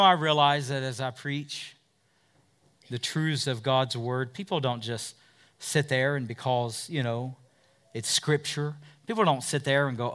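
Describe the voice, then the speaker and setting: Man preaching, kinda high voice, gets loud then quiet, punchy sermon style. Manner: emphatic preaching with big swings in loudness and pace. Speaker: pastor.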